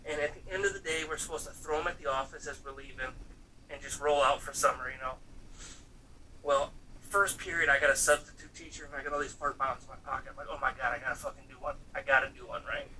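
A man's voice: a little high, fairly even intonation, fast, sharp tone, a little hiss or hum. A man in his thirties telling loose, profane stories in a casual chat, acting out quotes and padding with fillers. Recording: voice picked up from some distance, faint room ambience.

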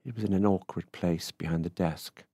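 Deep-voiced man reading a story. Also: steady tone, warm tone, slightly rough, dry recording, clean studio sound. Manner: measured, unhurried storytelling. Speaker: reader of a short story. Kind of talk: literary reading.

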